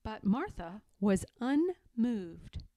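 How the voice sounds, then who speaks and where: A woman reading a children's picture book aloud, expressive and giving voices to the dialogue, in a quiet small room. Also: medium pitch, extremely slow, no room sound. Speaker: read-aloud narrator.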